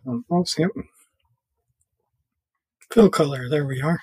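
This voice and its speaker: Male tutorial presenter, slow and casual, slightly husky, dry close mic. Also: medium pitch, no room sound. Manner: relaxed thinking aloud with fillers while clicking through software. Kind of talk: casual screen-recorded coding tutorial.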